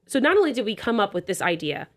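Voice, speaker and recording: A young adult woman co-hosting a casual group chat, talking fast and loose, laughing often and acting out quotes. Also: mid-range voice, big pitch swings. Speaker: podcast co-host.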